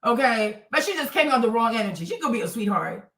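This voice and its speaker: A woman's voice: fairly high pitch, expressive, quick pace, a bit bright. A woman streaming live, talking bluntly and profanely straight at her commenters. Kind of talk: ranting to chat. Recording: roomy, from a distance.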